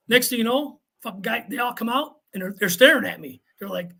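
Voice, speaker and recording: A man in his fifties, a retired firefighter, tells a story on a podcast. His voice is raspy and gravelly, with a sharp, bright tone. He swears constantly and jumps into the voices of the people in his story. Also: very high-pitched, brisk, hardly any pauses. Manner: profane, animated storyteller who acts out others' lines.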